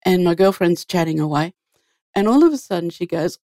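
A woman's voice: on the low side, animated, a little fast, mellow, no room sound, clean studio sound. A woman guest telling an earnest spiritual story in an easy conversational way. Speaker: guest sharing a faith story.

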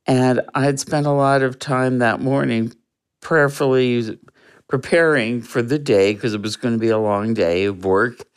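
An interview guest recounts a personal story in an earnest, reflective way. The telling is slow and unhurried, with soft laughs along the way, at a middle pitch. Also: clean tone.

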